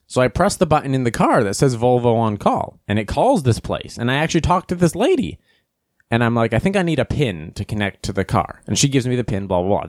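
A man hosts a casual podcast, and his pitch swings widely as he tells stories. He acts out other people's lines in squeaky high voices. The sound is dry and close, with no room echo. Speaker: podcast host. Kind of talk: casual comedic storytelling and news commentary.

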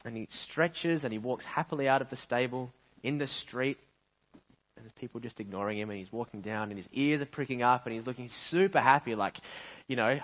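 An earnest male pastor preaches with emphatic conviction, often restarting his phrases as he works up to a point. His voice sits at an ordinary middle pitch for a man. He moves from storytelling into prayer in a steady, heartfelt sermon. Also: fairly quick, poor audio.

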